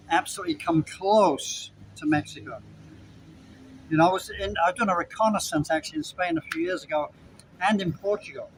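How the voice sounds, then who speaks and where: A man's voice: a little high, slight background noise, poor audio. An older man, casually rambling to camera with chatty asides and repetitions. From Britain. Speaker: vlogger.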